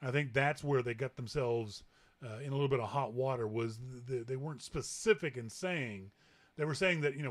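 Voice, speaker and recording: A man's voice: mid-range voice, expressive, fast talker. A Canadian man hosting a tech talk show, chatting casually, laughing easily and restarting his sentences. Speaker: podcast host.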